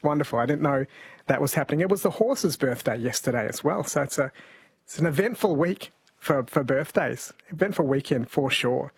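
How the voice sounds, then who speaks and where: Chatty radio host, male, slightly high and husky voice, dry studio sound. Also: animated, a little fast, no echo. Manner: chatty, reads out listener texts. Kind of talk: call-in radio show.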